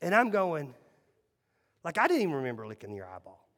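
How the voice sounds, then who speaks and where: High-voiced man preaching in an echoey hall. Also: wildly swooping pitch, brisk. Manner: storytelling, swings between loud and hushed. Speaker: pastor. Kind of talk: sermon.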